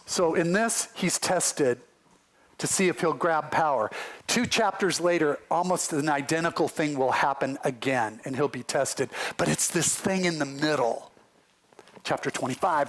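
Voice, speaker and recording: A male pastor delivers a sermon on a church livestream, his voice sitting fairly high for a man. He tells the story in an animated way, slipping into acted-out voices and quick asides.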